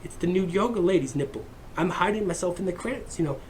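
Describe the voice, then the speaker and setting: A man's voice: high voice, animated, fast talker, a little hiss or hum. A man ranting in a crude, heated, rambling monologue as a vlogger.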